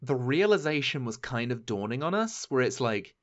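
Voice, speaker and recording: A British man chatting casually as a podcast co-host, animated and theatrical with frequent swearing. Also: medium pitch, normal speed, few pauses, dull audio. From Britain. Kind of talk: casual chat.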